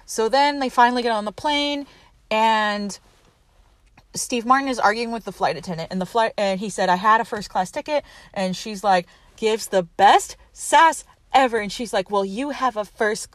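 Woman, casual movie recap, animated and chatty, dry voice. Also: a little high, normal speed, no room sound. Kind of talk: casual movie plot retelling.

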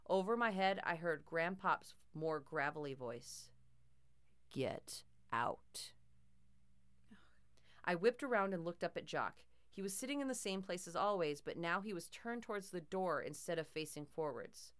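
Clear-voiced woman reading a horror story. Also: lowish voice, expressive, moderate pace, hardly any pauses, fairly bright tone. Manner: dramatic, tense storytelling. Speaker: narrator.

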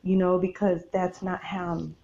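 A woman's voice: lowish voice, level tone, moderate pace, gravelly, warm tone, dull audio, a little hiss or hum. A woman hosting a podcast, talking casually about faith from her bed, chatty and addressing listeners as y'all. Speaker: podcast host. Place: in bed at home.

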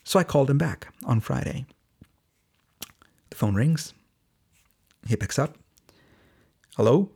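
A man narrates a story on his podcast in an earnest, halting way. His voice has a gravelly edge and sits at an ordinary middle pitch. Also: lively intonation, a little mellow. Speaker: podcast host and phone bank organizer.

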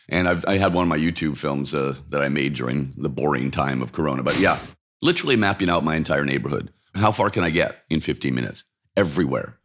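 A man in his fifties from Denmark speaks in an extremely deep voice. He argues his points with animated rhetorical questions and quick answers. He is chatting casually as an interview guest in his apartment. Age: 50s. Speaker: interview guest, urban mobility expert. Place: apartment by a busy street.

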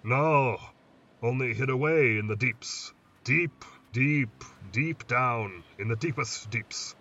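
A man voicing a weathered old lighthouse keeper who speaks slowly and in a hushed, musing way, heard on a distant, muffled recording with faint hiss. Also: mid-range voice. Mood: brooding. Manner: slow, hushed, musing storyteller.

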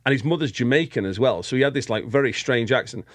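A man from England with a British accent, a guest telling lively anecdotes in casual chat and laughing often. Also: medium pitch, fast talker, dry recording. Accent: British English. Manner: animated storyteller, laughs often.

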